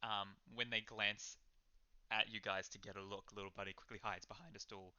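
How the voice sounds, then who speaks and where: A man's voice: fairly low pitch, level tone, normal speed, pushed and bright, clear, resonant tone, no echo. A man narrating as game master in a casual, rambling way with many fillers, on a slightly dull lo-fi recording. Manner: casual, filler-heavy storytelling.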